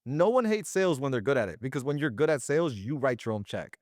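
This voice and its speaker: A man talking as an interview guest about running a sales business, in slangy, animated casual speech. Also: mid-range voice, quick pace, dry recording, studio quality. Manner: slangy and animated, often acting out little quoted exchanges.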